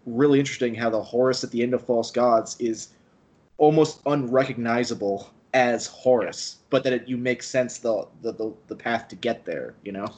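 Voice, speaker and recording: A man's voice: mid-range voice, moderate pace, a little mellow, poor audio. A man hosting a podcast interview, chatting in a conversational way with hesitant restarts. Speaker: podcast host. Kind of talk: casual interview chat.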